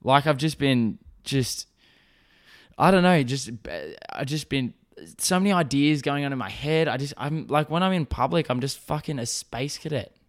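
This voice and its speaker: A young man hosts a podcast, telling a story on his own in a casual, rambling, profane and self-mocking way. His voice is mid-range and his pace moderate.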